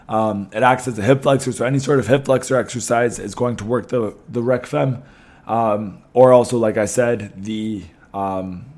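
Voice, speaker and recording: A young man, slightly hoarse, hosting a podcast in a chatty way with many ums and restarts. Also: mid-range voice, darkish tone. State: losing his voice a little. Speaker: podcast host. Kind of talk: casual podcast talk.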